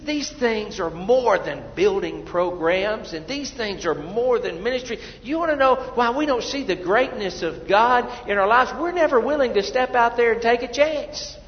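A man preaching a sermon as pastor, animated, swinging between loud urging and hushed asides. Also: sits high, a little hiss or hum. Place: church sanctuary. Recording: dull, reverberant church hall.

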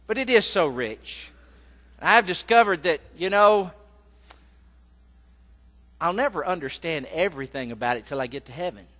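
A man's voice: on the high side, sharp tone, in a large hall. A man preaching a sermon as pastor, telling a folksy story with lots of fillers, then reading scripture.

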